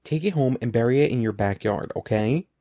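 A man's voice: medium pitch, animated, fairly quick, warm tone, dry recording, studio quality, natural voice. A man voicing a frightened young boy in a storybook, urgent and firm. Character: scared young boy, insistent.

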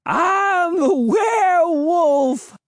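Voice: very high-pitched, lively intonation, drawn-out words, no echo, clean studio sound, pitched above the performer's own voice, exaggerated voice. A reader voicing a wild-eyed male swamp hermit who shrieks and laughs manically in an audiobook. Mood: manic shrieking. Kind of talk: audiobook character voice.

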